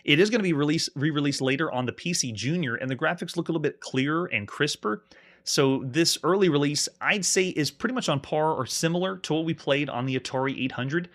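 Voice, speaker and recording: Bright-voiced man streaming retro games. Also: on the high side, brisk. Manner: reads game text aloud, chatty asides to viewers. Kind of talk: live gameplay commentary.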